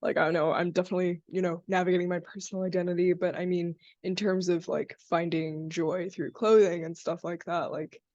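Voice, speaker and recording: A woman's voice: lowish voice, flat delivery, fairly quick, few pauses, darkish tone, muffled recording. A teenage girl hosting an interview podcast, eager and hesitant, leaning on fillers like "like" and "um". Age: teens. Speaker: podcast host. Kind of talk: casual interview chat.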